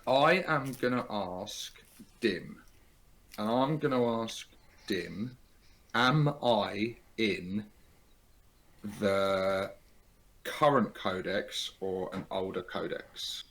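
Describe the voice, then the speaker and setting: A man's voice: fairly low pitch, extremely slow, pauses often, fairly bright tone. A man hosting a casual group chat, joking and laughing with his guests.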